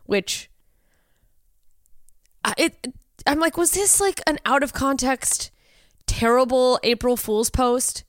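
A woman's voice: high-pitched, slow, pauses often, no room sound, clean studio sound. A woman hosting a podcast in casual comedic chat, profane and sarcastic, often laughing in disbelief. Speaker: podcast host.

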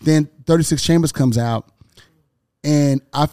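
Man, 40s, fairly high voice, dry close sound, animated profane storytelling, casual chat host. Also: measured pace, no echo. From Houston, Texas.

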